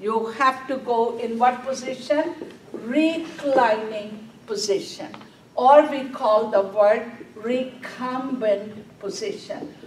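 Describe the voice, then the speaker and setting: A woman's voice: on the high side, slow, darkish tone. A woman teaching a nursing exam class, asking questions and answering them herself. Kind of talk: classroom lecture. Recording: echoey classroom from a distance, faint room noise.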